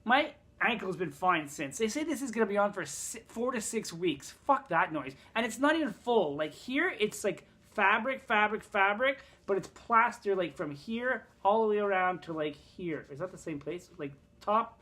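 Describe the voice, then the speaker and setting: A man's voice: high voice, lively intonation, moderate pace, few pauses, pushed and bright. A man telling a story in a casual vlog, rambling, swearing and sarcastic, in pain from a broken thumb. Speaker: vlogger.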